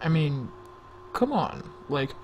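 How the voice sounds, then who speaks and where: High-voiced young man rambling on. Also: sing-song, slow, very noisy. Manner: rambling, jokey, easily sidetracked. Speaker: vlogger. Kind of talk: story time vlog. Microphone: desk microphone.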